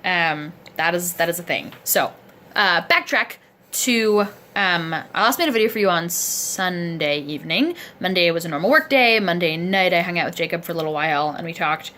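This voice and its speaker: Chatty bright-voiced woman vlogging. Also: lowish voice, expressive, moderate pace. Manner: chatty, rambling, self-deprecating. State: sore and aching. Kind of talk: casual video diary. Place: indoors at a friend's home, seated in a chair. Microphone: camera close to the face.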